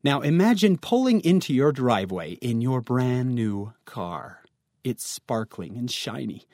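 Male youth speaker, lively storyteller, close dry mic. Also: medium pitch, dry recording. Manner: storytelling, addresses listeners directly. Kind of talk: devotional talk to teens.

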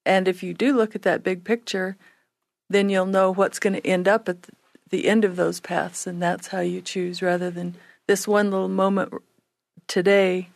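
Give me a calm woman panel guest with a flat, gravelly voice, recorded dry. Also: mid-range voice, normal speed, no room sound. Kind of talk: church-themed panel discussion.

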